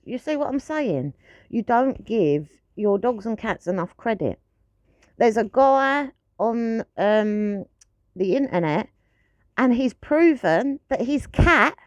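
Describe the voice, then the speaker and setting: A woman's voice: fairly high pitch, lively intonation, slow, no room sound. A woman ranting to camera in a blunt, frustrated way, swearing freely. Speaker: pet owner vlogger.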